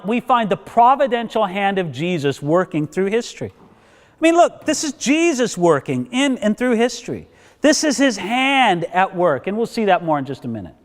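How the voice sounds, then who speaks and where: A man teaching a Bible college lecture, telling the story in a lively way and acting out the characters. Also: high voice. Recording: long hall reverb.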